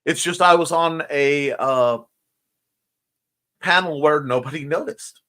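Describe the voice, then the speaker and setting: The host of a morning livestream show, sleepy and yawning, rambles and jokes while greeting viewers and reading comments from a room at home by a window. He takes it slowly in a little high voice that's bright and forceful.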